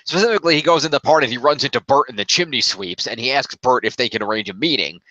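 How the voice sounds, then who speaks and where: A man's voice: medium pitch, fast talker, pushed and bright, dry recording. A man hosting a casual review podcast, recapping a story at length with lots of fillers. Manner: rambling plot recap with many fillers. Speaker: podcast host. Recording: dull lo-fi dry recording.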